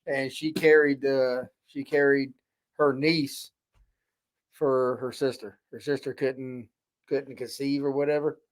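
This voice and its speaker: A man's voice: medium pitch, flat delivery, takes it slowly. A man co-hosting a casual podcast chat, mostly giving short, laid-back reactions and asides. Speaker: podcast co-host.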